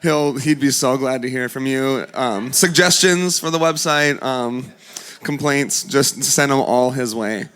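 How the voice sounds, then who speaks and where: A man's voice: medium pitch, unhurried, a bit bright, clear, resonant tone. A man giving a casual talk at a conference, joking and chatting with the audience as he speaks. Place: conference hall before a crowd.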